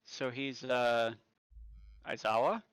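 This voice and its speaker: A man's voice: medium pitch, slow pace, a bit bright, clear, resonant tone, dry recording, rough recording. A man playing a tabletop game, joking and wandering into nerdy tangents. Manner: rambling, jokey, prone to nerdy tangents. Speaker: player. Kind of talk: casual chat around a tabletop game.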